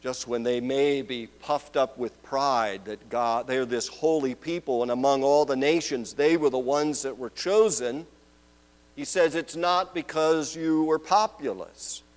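A man preaching a sermon, moving between loud proclaiming and hushed, drawn-out questions. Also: medium pitch, rough recording.

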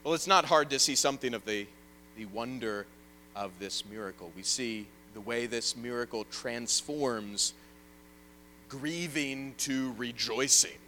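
A man preaching an evening sermon and reading scripture aloud, earnest, rising loud and then dropping soft. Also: mid-range voice, a little slow, a little hiss or hum, rough recording.

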